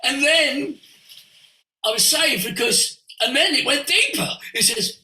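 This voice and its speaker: An older man, a voice coach, tells stories in an expressive way, moving between hushed asides and sudden exclamations. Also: extremely high pitch, a little slow. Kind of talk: animated storytelling. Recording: roomy echo.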